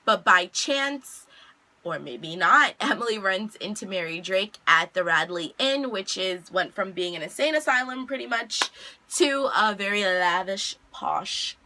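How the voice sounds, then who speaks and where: A woman's voice: mid-range voice, expressive, a little slow, bright, forceful tone. A woman vlogger chattily recapping a TV episode, retelling scenes with loose quotes.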